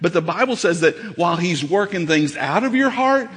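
A pastor with a high, ringing voice delivers a fervent, folksy sermon that builds into shouts, speaking plainly and colloquially to his congregation. He is animated and keeps a moderate pace. A long reverb from the walls of the large church sanctuary trails his words.

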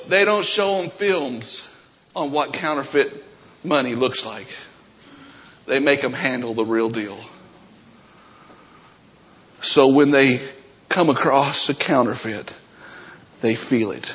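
Middle-aged pastor guy preaching hard, slow and bright, kinda muffled recording. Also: medium pitch, slightly rough. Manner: fiery preaching that swings between shouting and quiet talk. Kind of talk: sermon.

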